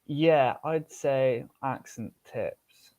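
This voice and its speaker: A British man, a podcast guest, talking in a lively, animated way over a remote call. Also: medium pitch, very slow, dry recording. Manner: animated, acts out learners' inner voices. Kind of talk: casual chat. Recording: dull lo-fi call audio.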